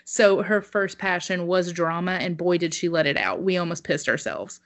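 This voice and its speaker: A woman telling a story on a casual podcast, animated and swearing, laughing at herself. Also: lowish voice, normal speed. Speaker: podcast co-host.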